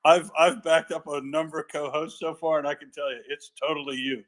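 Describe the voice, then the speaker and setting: Playful higher-voiced man co-host. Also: steady tone, brisk. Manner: joking, playful. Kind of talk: casual live audio chat.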